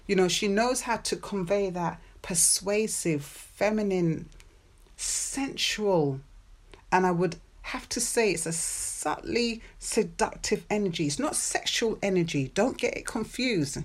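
A woman hosting a podcast, giving relationship advice in a playful, chatty monologue with personal stories and frequent laughs. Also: medium pitch. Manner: playful, chatty, laughs often, drawn-out stressed words.

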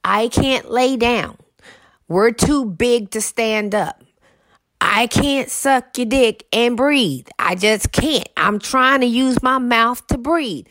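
A woman's voice: fairly high pitch, takes it slowly, a bit bright, dry recording. A woman, telling a story and giving blunt, profane advice in casual talk, a little congested. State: congested, mouth breathing.

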